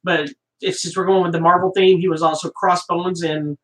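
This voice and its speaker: A man's voice: high-pitched, flat delivery, brisk, a bit bright, far from the mic. A man co-hosting a casual movie review podcast, rambling and joking, often correcting himself mid-sentence. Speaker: podcast co-host. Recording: roomy sound from off-mic.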